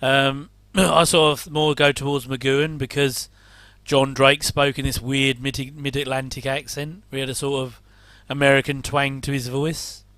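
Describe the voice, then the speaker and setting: A man's voice: medium pitch, flat delivery, unhurried, few pauses, fairly bright tone, no room sound. A middle-aged English man rambling casually through a reaction commentary, with chatty, self-deprecating asides. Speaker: host.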